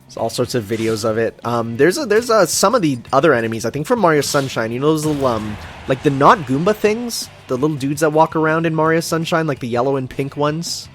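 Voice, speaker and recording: A man's voice: a little high, expressive, fairly quick, hardly any pauses, faint music behind. Rambling man sharing game trivia. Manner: rambling trivia, many fillers like "like". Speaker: co-commentator. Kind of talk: casual gameplay commentary.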